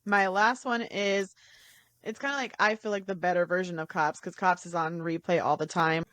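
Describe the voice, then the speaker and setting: A woman's voice: lowish voice, fairly even intonation, normal speed, fairly bright tone, no room sound. A woman co-hosting a casual podcast, chatty, laughing often as she retells scenes from shows. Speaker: podcast co-host reviewing TV shows.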